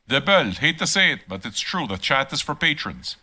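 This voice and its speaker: Bright-voiced older man ranting playfully. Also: on the high side, big pitch swings, fairly quick, hardly any pauses, breathy edge. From Quebec. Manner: profane, teasing, rants loudly at times. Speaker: channel host. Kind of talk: casual live-stream monologue.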